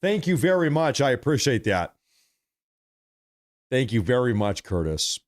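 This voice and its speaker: A man's voice: mid-range voice, sing-song, unhurried. Joking man reading live-stream super chats. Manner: joking, teasing, repeats his thank-yous. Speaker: livestream host.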